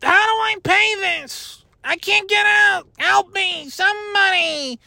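A man's voice: very high voice, takes it slowly, creaky, pushed and bright, no echo, clean studio sound, voice pushed up, exaggerated voice. A man voicing a panicked driver who pleads frantically for help. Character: panicked driver stuck at a parking gate.

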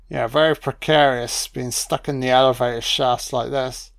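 A drunk man rambling and swearing excitedly through a film commentary. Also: medium pitch, normal speed, gravelly, few pauses, dry recording, clean studio sound. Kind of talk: audio commentary over a film.

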